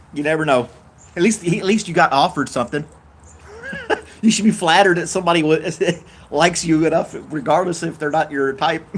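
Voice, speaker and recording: An older man with a Tennessee drawl, hosting a relaxed live stream. He chats in an easygoing, unhurried way, chuckles often and reads out viewer comments. His voice sits at an ordinary middle pitch. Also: slight background noise. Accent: Southern US, Tennessee. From Tennessee, USA.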